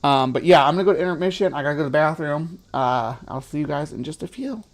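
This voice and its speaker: Guy rambling on a livestream, kinda high voice, laughs a lot. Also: lively intonation, quick pace. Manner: chatty, laughs often, playful snake voices. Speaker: livestream host. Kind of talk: casual livestream commentary.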